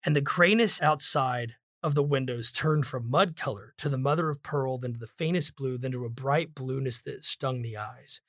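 A man's voice: medium pitch, moderate pace, few pauses, a bit bright, dry recording, clean studio sound. A man hosting a book discussion podcast, talking in an emphatic, preacher-like way. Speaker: podcast host.

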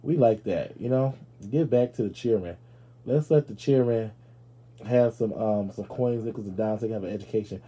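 A man with a husky, breathy edge and a warm, mellow tone hosts a podcast as a loose comedic monologue. He talks straight to his listeners, brash and profane, and now and then shoots up into loud, high-pitched outbursts. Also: normal speed. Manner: addresses listeners directly. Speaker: podcast host.

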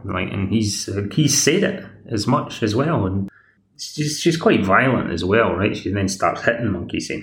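A man's voice: on the low side, animated, measured pace, fairly bright tone. A Scottish man hosting a podcast, recapping a TV episode in a chatty, rambling way with wry asides. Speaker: podcast host. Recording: echoey room.

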